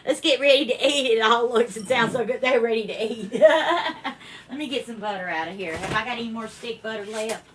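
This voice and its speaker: A woman's voice: fairly high pitch, moderate pace, a little hiss or hum. A woman hosts a live cooking stream from her home kitchen, chatting and greeting viewers by name. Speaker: cooking livestream host. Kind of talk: casual live cooking chat.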